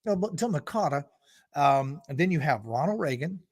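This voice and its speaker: A man's voice: fairly high pitch, animated, normal speed, no room sound, clean studio sound. A man giving an unscripted political monologue, emphatic and full of fillers and restarts, rising in force on his key points. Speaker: preacher giving political commentary.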